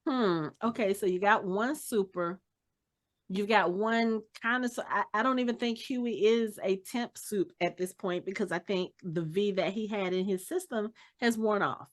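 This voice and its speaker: A woman's voice: mid-range voice, normal speed. A woman co-hosting a podcast, recapping a TV episode in casual chat and acting out the characters' lines as she tells it. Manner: animated storyteller, acts out scenes in quotes. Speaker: podcast co-host.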